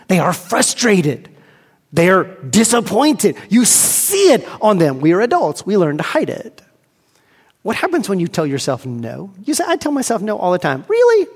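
A man's voice: high voice, big-room sound. A man preaching a sermon as a pastor, asking emphatic rhetorical questions and acting out inner dialogue.

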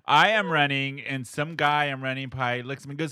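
A man co-hosting a podcast in casual chat, animated and laughing often as he tells stories. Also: medium pitch, fairly quick, hardly any pauses, smooth, no echo, clean studio sound. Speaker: podcast co-host.

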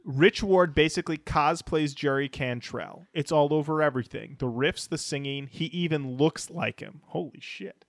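A man's voice: fairly high pitch, normal speed, few pauses, dry recording, clean studio sound. A man co-hosting a music podcast, reading listener comments aloud in a wry, casual way. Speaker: podcast co-host.

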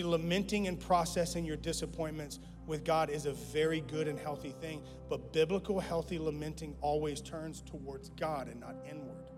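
A man with a notably high voice preaches a sermon from the pulpit. He repeats his lines and surges to loud declarations before dropping to a hush. The sound carries a long church reverb with music playing underneath. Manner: impassioned, repeats phrases, rises to loud declarations then drops low. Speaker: guest pastor. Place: church sanctuary.

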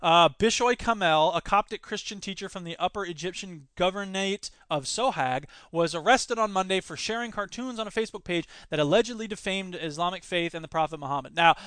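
Man, podcast host, high and bright voice, sarcastic news commentary, dry close recording. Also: a little fast, few pauses, clean tone, dry recording. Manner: sarcastic, animated, jumps between topics.

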